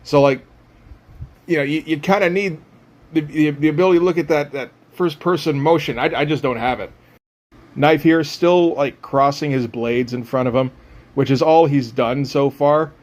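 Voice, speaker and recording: A man's voice: a little high, normal speed, a little mellow. A man talking casually about his comic art as he draws, rambling and self-mocking with frequent chuckles. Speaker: comic artist. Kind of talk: casual drawing commentary.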